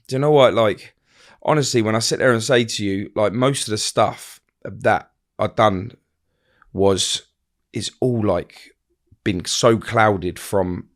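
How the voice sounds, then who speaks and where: A man telling stories in an interview, rambling and halting with many fillers and restarts. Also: lowish voice. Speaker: interview guest. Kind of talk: casual storytelling interview.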